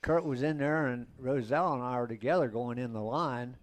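An older man settles into a long, meandering story as a guest on a casual show, chuckling between lines. His voice sits at an ordinary middle pitch. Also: fairly quick. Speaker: guest, former race car driver.

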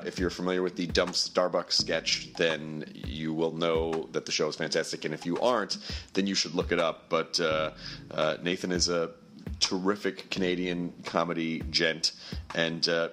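Hoarse, low-voiced podcast host. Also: male voice, a bit bright, a little hiss or hum. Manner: rambling, self-mocking, many fillers. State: hoarse, lost his voice. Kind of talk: podcast intro monologue.

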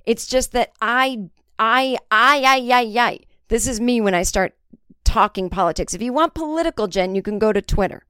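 Woman comedian, podcast host, candid rambling talk, smooth voice, dry close sound. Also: mid-range voice, expressive, a little fast, no echo. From United States. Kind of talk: casual solo podcast monologue.

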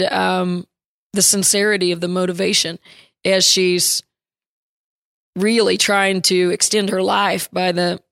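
A woman coach recalls a story in an interview, speaking reflectively with frequent pauses and restarts. Her voice is gravelly and fairly flat in pitch. The sound is dry and close. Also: dry recording. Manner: reflective, halting with fillers and restarts. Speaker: women's basketball coach, guest.

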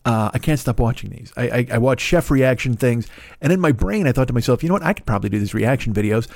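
A man's voice: medium pitch, expressive, fast, creaky, a little mellow, no room sound, studio quality. Profane, exasperated man ranting on a podcast. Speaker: podcast host. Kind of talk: comedic podcast rant.

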